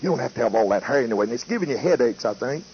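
A preacher doing old Lot, a sweet-talker. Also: male voice, mid-range voice, lively intonation, racing, a little mellow, natural voice. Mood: coaxing. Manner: folksy drawl, wheedling and sweet-talking. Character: worldly old patriarch Lot coaxing his wife. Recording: muffled lo-fi tape with faint hiss.

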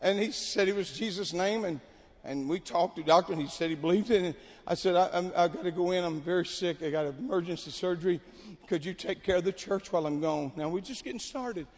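A man preaching a sermon at a camp meeting, telling stories and building to shouted exhortation. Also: sits high, a little fast. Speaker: pastor. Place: large hall at a camp meeting. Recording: long hall reverb.

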